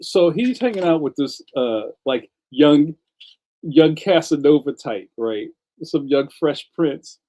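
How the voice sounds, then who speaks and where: A man's voice: on the high side, expressive, takes it slowly, dark tone. A man hosting a casual livestream, a cartoonist telling rambling stories full of slang, laughing often and reading out viewer comments.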